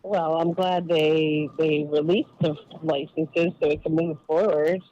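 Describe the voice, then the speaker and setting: A woman's voice: deep voice, steady tone, measured pace, dry recording. A woman calls into a podcast from work and talks loosely, with many fillers and small laughs. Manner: hesitant, thinks aloud with many fillers and laughs. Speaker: caller, cannabis activist. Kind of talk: casual phone call into a podcast. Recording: dull phone-line sound.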